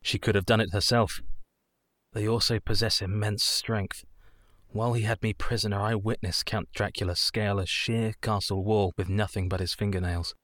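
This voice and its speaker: An actor playing an earnest young solicitor and devoted husband, in radio drama style. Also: male voice, fairly low pitch, flat delivery, normal speed, a bit bright, no echo, clean studio sound, natural voice.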